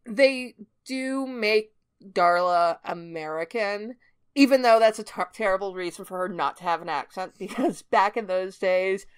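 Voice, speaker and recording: A woman's voice: mid-range voice, unhurried, smooth. A woman with a mid-range voice co-hosts a podcast and steers the episode recap. Her talk is casual and loose, and she laughs often. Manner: leads the recap, laughs often, relaxed fillers. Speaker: podcast co-host. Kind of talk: casual chat.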